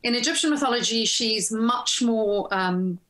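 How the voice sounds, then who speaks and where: A woman actress telling a casual story as an interview guest, animated and acting out the lines she quotes, over a video call. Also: a little high, a little slow. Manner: animated, laughs often, acts out quoted lines. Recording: roomy echo.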